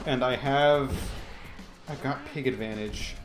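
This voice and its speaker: Excitable game host, chatty, laughs often, roomy echo, game music faint. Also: male voice, mid-range voice, normal speed. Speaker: let's play host. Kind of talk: casual gameplay commentary.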